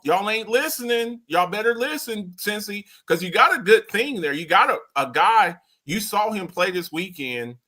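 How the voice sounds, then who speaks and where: A man hosting a sports podcast, talking in an animated, rambling way, repeating himself and swearing casually. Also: a little high. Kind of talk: casual sports talk commentary.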